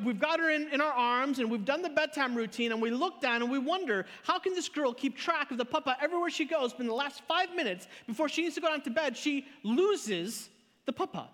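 A pastor preaching a sermon live, telling stories in an animated way, repeating words and swinging between loud and soft. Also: male voice, extremely high pitch. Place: church auditorium. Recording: live in a church hall with long reverb.

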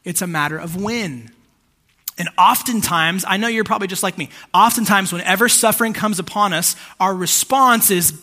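Bright, casual young-sounding preacher man. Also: sits high, moderate pace. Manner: casual, conversational preaching with fillers. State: emotional, holding back tears. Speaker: pastor. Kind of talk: sermon.

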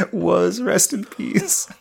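A man co-hosting a casual comedy podcast, talking excitedly and laughing often. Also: very high voice, vocal fry. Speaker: podcast co-host.

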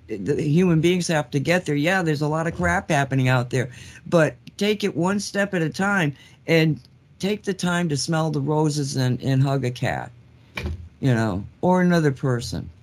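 A man's voice: on the high side, lively intonation, normal speed. A man co-hosting a casual show, speaking earnestly and candidly, chuckling at his own remarks. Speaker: co-host. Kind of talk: casual call-in show chat.

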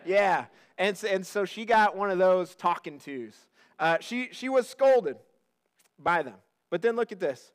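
A man preaching a sermon, joking and talking directly to his congregation. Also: high voice. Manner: lively, joking, talks to the congregation. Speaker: pastor.

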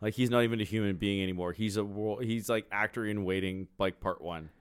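Man, podcast co-host, crude rambling chat, smooth resonant voice, dry close sound. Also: fairly low pitch, steady tone, brisk, dry recording. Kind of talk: casual chat.

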